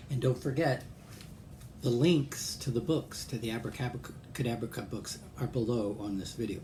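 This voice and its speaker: A man casually teaching a magic trick, chatting and addressing an imagined audience of kids. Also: mid-range voice. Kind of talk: casual tutorial demonstration. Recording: echoey room with mains hum.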